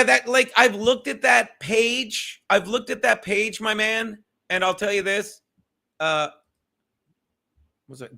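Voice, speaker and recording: A man's voice: high voice, gravelly, pushed and bright. Rambling man chatting to his stream. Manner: rambling, talks straight to chat viewers. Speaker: podcast host reading live chat. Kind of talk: casual livestream chat.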